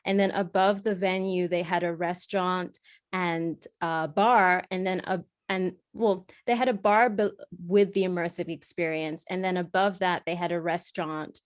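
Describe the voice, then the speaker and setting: A woman's voice: lowish voice, moderate pace, no echo, clean studio sound. A young adult woman from Zimbabwe, raised in London and Beijing, with a mixed British and American accent, telling stories as a guest in a casual podcast interview and acting out the voices she quotes. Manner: lively storyteller, laughs easily, acts out quoted voices. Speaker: guest actor.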